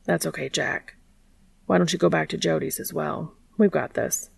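A woman reads as a blunt, wry ghost hunter man in a storybook reading. The voice is heavily gravelly and fried and sits low, and the sound is close and dry. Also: moderate pace, no room sound, full character voice. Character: gruff adult male ghost hunter.

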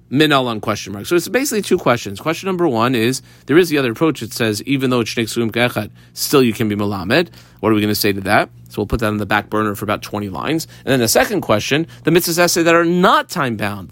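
A man's voice: mid-range voice, a bit bright, dry recording. A man teaching a Talmud class. He explains it step by step and weaves Hebrew and Aramaic terms into his English. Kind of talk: daily page Talmud class.

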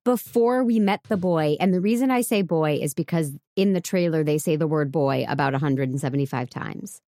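A woman's voice: low-pitched, brisk, dark tone, no room sound, clean studio sound. A woman co-hosting a casual movie podcast, speaking thoughtfully and choosing her words carefully. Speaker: podcast co-host. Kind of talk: casual chat.

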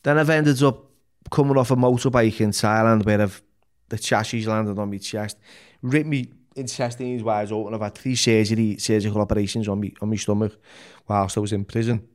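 A man's voice: on the low side, steady tone, a little fast. A middle-aged man, a podcast guest talking candidly, bluntly and full of swearing, often restarting his sentences. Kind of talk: candid interview talk.

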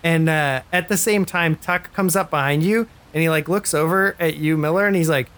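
A game master narrates a tabletop game in a loose, rambling way. The voice sits at a middle pitch and is full of filler words. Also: moderate pace, fairly bright tone.

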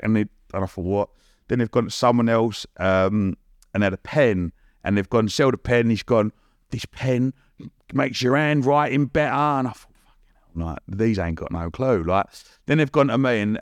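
A man's voice: medium pitch, no room sound, studio quality. Cheeky London man telling stories. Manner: lively anecdote-telling, acts out quotes, laughs often; blunt and cheeky, swears casually. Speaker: podcast guest. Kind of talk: casual storytelling.

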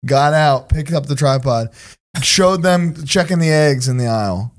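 A man's voice: fairly high pitch, expressive, unhurried. A man in a casual chat, enthusiastic and slangy, calling others dude.

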